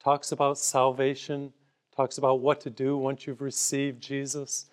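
A man's voice: medium pitch, completely flat delivery, a little slow, clear, resonant tone. A man preaching a broadcast sermon, telling everyday stories to make his point and offering free booklets to listeners. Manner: conversational storytelling with everyday parables.

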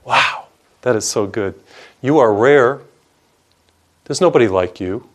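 A male priest delivers a televised sermon earnestly and emphatically, piling up lists of words and softening his voice on tender lines. His pitch is medium, his intonation lively, and his delivery slow.

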